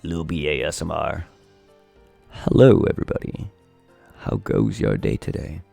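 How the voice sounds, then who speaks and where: A man putting on a deep, soft, hushed voice in a jokey whispered role-play. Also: sing-song, unhurried, vocal fry, dry recording, soft background music, full character voice.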